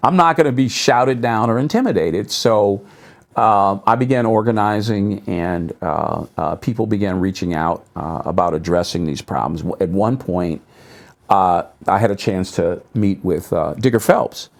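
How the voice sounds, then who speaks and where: A middle-aged pastor appears as a guest on a talk show in a local public access TV studio, telling stories at a normal speed in a gravelly voice. He's an animated storyteller who acts out what others said with sharp jumps to higher pitch, then drops low for asides.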